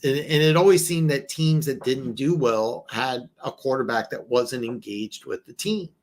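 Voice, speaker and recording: A Southern host of an easygoing football chat show talks at medium pitch and a moderate pace. He rambles along, often starting over and repeating himself.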